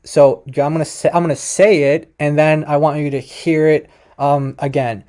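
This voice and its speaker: Mellow-voiced man explaining, halting. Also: a little high, level tone. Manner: hesitant, many fillers and restarts; addresses viewers directly. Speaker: video host explaining a language. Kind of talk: casual explanatory commentary.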